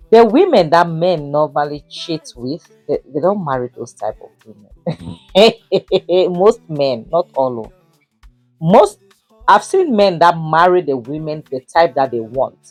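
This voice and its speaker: A woman's voice: deep voice, big pitch swings, a little slow, darkish tone, no echo, soft background music. A young woman reviewing a drama series in casual, indignant commentary, stressing points and saying "you know" a lot. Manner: indignant, emphatic, repeats "you know" often.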